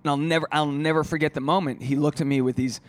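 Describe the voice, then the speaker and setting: Rambling, profane man with a higher voice. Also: fairly even intonation, fast talker. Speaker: stand-up comedian and podcast host. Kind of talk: solo podcast monologue.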